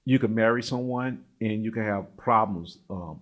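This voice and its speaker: A middle-aged African-American man from the United States, an interview guest telling stories in a lively, laughing way and acting out what people said. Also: lowish voice, normal speed, lo-fi sound. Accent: African-American English. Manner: animated, laughs often, acts out quoted voices. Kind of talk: casual storytelling interview.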